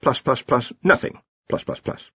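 Hex, a quiet patient thinking machine, read by a man. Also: normal speed, dry recording, highs cut off, close to an everyday voice.

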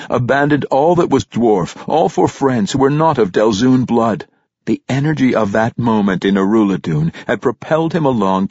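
A man reads fantasy narration in a measured, steady manner, lifting into dramatic emphasis on key phrases. His voice is low and husky, recorded close and dry with a dull, lo-fi sound. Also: dry recording. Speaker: audiobook narrator.

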